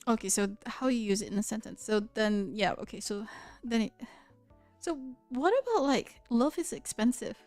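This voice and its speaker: A young woman with a Malaysian accent, chatting casually with her viewers on a livestream, curious and quick to laugh, often restarting her sentences. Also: fairly high pitch, a little mellow, soft background music. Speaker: streamer. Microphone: close studio mic.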